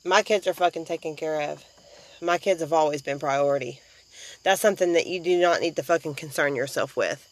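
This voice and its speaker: A woman's voice: low-pitched, brisk, low-quality recording. A woman on a live video, speaking defiantly and swearing as she defends her family. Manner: defiant, profane. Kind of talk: angry live-video rant.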